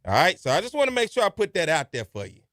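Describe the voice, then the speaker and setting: A man's voice: high voice, huge pitch swings, fast, a bit bright, no echo, studio quality. A man hosting a podcast, giving folksy, repeated advice and telling stories in a casual, colloquial way. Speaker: podcast host. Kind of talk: casual advice monologue and storytelling.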